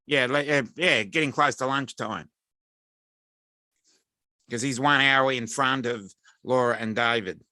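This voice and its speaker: Bright-voiced man, relaxed call chat. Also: mid-range voice, measured pace, pauses often, no echo, studio quality.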